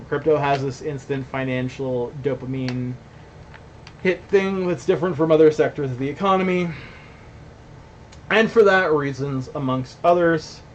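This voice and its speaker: A man's voice: fairly high pitch, highs cut off, a little hiss or hum. A young adult man giving blunt, rambling commentary on a stream, reading chat and swearing casually. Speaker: company founder hosting a stream.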